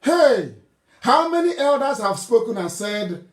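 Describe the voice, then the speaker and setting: A man's voice: extremely high pitch, very animated, a little slow. A man from southeastern Nigeria, giving a fiery political broadcast, scolding and mocking his listeners with scornful laughs. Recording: roomy echo.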